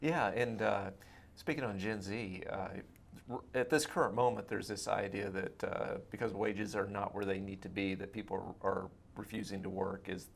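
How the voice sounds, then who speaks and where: A man interviewing a guest at a fireside chat, asking questions in a measured, hesitant way. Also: fairly low pitch, steady tone, gravelly.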